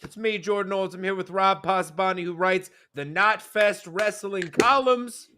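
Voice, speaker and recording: A young man hosts a casual wrestling recap show with an upbeat, animated delivery. His voice is bright and forceful, and he often stumbles and restarts his sentences. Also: high-pitched, normal speed, clean tone. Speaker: host.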